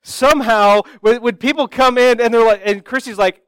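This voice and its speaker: A man with a high, smooth, resonant voice delivers a sermon through self-deprecating personal stories, acting out the other people in them. The sound is dry and close, with no room echo. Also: normal speed. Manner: self-deprecating, animated storytelling with acted-out voices.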